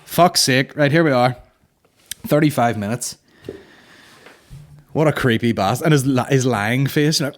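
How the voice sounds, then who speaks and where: A man's voice: medium pitch, moderate pace, pauses often. A man hosting a comedy podcast, rambling crudely with heavy swearing. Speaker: podcast host. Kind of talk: casual comedy podcast banter.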